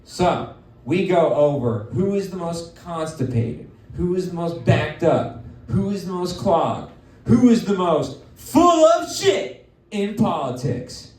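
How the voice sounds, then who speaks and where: A man hosting a live stand-up comedy show, talking in a manic, loud way and slipping into mocking voices. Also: high-pitched, very animated, slow. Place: live comedy venue with audience. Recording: roomy live venue, mic at a distance.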